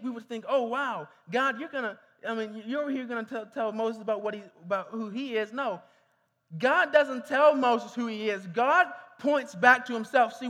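A man's voice: very high voice, fairly bright tone. A man preaching a sermon, repeating phrases and calling on the congregation to answer back. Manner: repeats himself, calls on congregation to respond. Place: church hall. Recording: reverberant hall.

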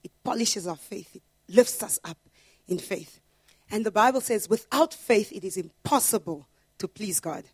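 A woman pastor preaching a sermon in an earnest way, building to loud, emphatic repetitions. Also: mid-range voice, normal speed, slightly rough, dry recording, studio quality.

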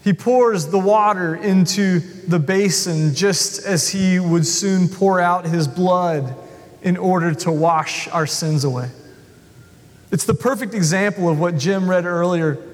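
Male pastor, high voice, animated, self-deprecating sermon, long hall reverb. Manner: animated, self-deprecating, acts out the people he talks about.

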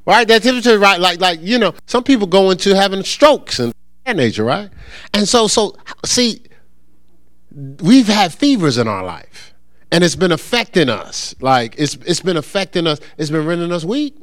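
A man's voice: high voice, sing-song, moderate pace, fairly bright tone, dry recording, clean studio sound. A man preaching a sermon, calling out to his congregation for answers and joking with them. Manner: call-and-response, asks congregation to answer; humorous, acts out quoted voices. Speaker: pastor. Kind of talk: interactive sermon teaching.

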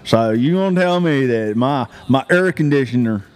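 A man putting on a loud, drawling country good ol' boy who cackles as he talks. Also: medium pitch, lively intonation, normal speed, natural voice. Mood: gleeful. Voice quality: exaggerated rural drawl, cackling.

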